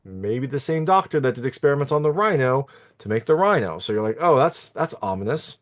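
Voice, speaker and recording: Guy reviewing a film, rambly and chatty, fillers everywhere, average pitch. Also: very animated, fairly quick. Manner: chatty, meandering, lots of fillers and asides. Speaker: movie reviewer. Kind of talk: casual spoken film recap.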